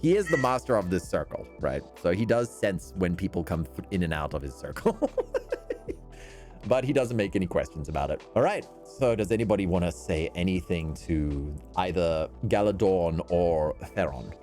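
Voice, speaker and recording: A man's voice: low voice, animated, moderate pace, a little mellow, soft background music. A man running a tabletop game as game master, narrating animatedly and laughing often.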